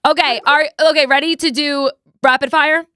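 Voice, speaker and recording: Young female podcast host, New Jersey accent, bright high-ish voice, dry close sound. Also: no echo. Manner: energetic, laughing, quick asides. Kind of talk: casual chat.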